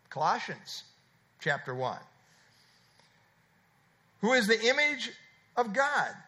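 A male pastor delivering an expository sermon, his voice pitched high and bright. He talks with a lively, swooping pitch and presses each point by restating it several times. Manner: expository preaching with repeated emphatic phrases.

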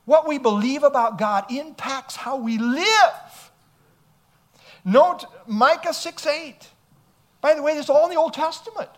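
A man's voice: very high voice, measured pace, fairly bright tone. A male pastor preaching an emphatic sermon, reading scripture aloud and asking rhetorical questions.

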